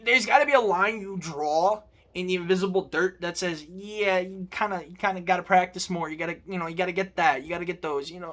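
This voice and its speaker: A man's voice: sits high, sharp tone. A man, a sports vlogger, ranting angrily and profanely to his viewers as a fan. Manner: angry, profane, emphatic.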